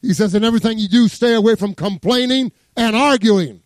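A man preaching a sermon as pastor, quoting scripture with humor and swinging from soft asides to rising emphasis. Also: sits high, a little fast, no room sound, clean studio sound.

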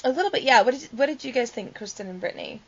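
A woman hosts a casual chat and steers the talk with animated questions. Her pitch swings widely as she talks. The sound is dull and lo-fi. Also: racing, slightly rough. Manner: animated, leads the discussion, laughs often. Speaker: podcast host.

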